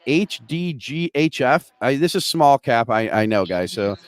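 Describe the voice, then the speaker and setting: A man hosting a casual live market show, talking in an excitable, joking way with lots of quick restarts. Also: mid-range voice. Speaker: host.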